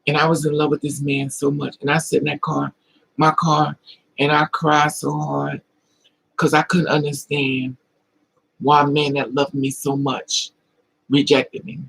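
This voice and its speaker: This livestream host speaks at a measured pace in a completely flat delivery, his voice a little high, fairly bright, slightly rough, and creaking with vocal fry. The recording is rough. Casually, he shares emotional personal stories and confides in his chat as he replies to their comments.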